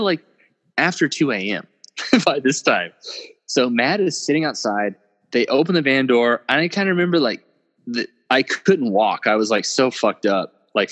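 A man's voice: medium pitch, fairly bright tone, in a large hall. A young man casually telling a long story, rambling and swearing, often laughing at himself. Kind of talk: casual podcast chat.

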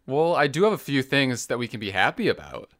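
A man's voice: mid-range voice, sing-song, brisk, a bit bright. A man co-hosting a casual gaming podcast, easygoing and a bit hesitant as he leads into listener mail. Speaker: podcast co-host. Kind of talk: casual chat.

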